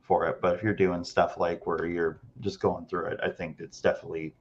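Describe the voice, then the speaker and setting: A man's voice: low-pitched, little pitch movement, brisk, slight background noise. A man co-hosting a podcast, asking questions in a thoughtful way full of likes. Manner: filler-heavy, thoughtful. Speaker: podcast co-host. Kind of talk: casual podcast interview. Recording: dull lo-fi sound.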